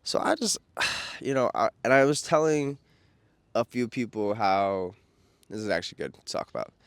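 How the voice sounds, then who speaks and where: A man's voice: fairly low pitch, normal speed, smooth, no echo. Slangy young New York man rambling. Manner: slangy, profane, excitable, loses track. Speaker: vlogger. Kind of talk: casual rambling monologue.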